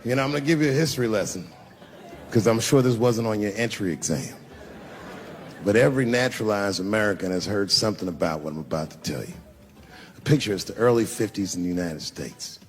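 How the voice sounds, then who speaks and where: A male stand-up comedian telling stories in a profane, animated way, jumping suddenly between loud and hushed. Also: fairly low pitch, brisk, long reverb tail, soft background music. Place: stage in a large venue.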